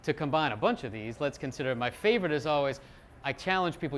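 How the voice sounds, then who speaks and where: Lively man giving a self-mocking talk. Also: fairly high pitch, fast talker, a little hiss or hum. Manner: lively, self-deprecating, acts out quotes. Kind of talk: live talk to an audience.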